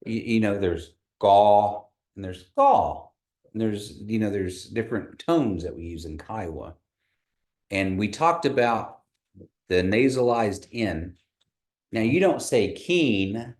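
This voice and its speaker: Man, lowish voice, lively pitch, patient teacher, video call. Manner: patient, repeats words slowly for learners. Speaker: language teacher. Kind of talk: online language lesson.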